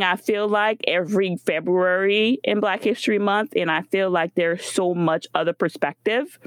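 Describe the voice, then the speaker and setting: A woman's voice: on the low side, no room sound. A woman co-hosting a podcast, talking through her thoughts with frequent fillers in casual chat. She grew up in the United States. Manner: reflective, thinks aloud with fillers. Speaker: podcast co-host.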